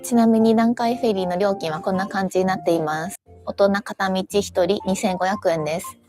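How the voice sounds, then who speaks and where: A woman from Japan narrates a travel vlog at a very rapid clip, chatting and musing aloud to herself as she browses. Her voice sits at a middle pitch, with faint music playing underneath. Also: steady tone. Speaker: travel vlogger.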